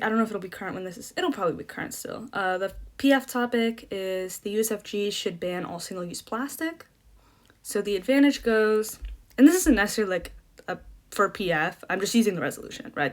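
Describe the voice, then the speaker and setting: Young female debate coach, casual and chatty, self-deprecating, mid pitch. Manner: chatty, self-deprecating, lots of fillers and restarts. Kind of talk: casual instructional explanation.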